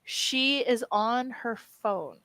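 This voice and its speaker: A woman in her thirties co-hosting a podcast, telling a story in a lively, laughing way. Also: fairly high pitch, extremely slow, no echo. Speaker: podcast co-host. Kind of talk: casual chat, storytelling.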